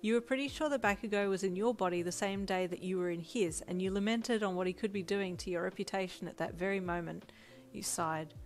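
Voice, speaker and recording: A woman narrating a second-person fan story in a steady, plain reading voice. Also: mid-range voice, brisk. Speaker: fanfiction reader. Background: faint music.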